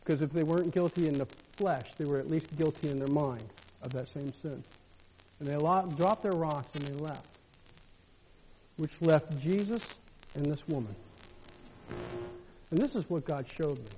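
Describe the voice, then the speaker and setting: A male pastor preaching a sermon, swinging between loud, fervent declarations and soft, intimate storytelling. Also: on the high side, slight background noise. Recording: echoey hall with long reverb.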